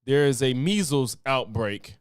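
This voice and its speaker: A man streaming commentary on news clips, ranting in a profane, animated way and laughing between points. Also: medium pitch, measured pace, clear, resonant tone, no echo, clean studio sound.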